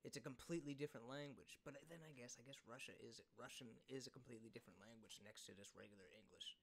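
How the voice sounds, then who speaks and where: A man hosting a reaction video, chatting casually, excitable and quick to giggle. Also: mid-range voice.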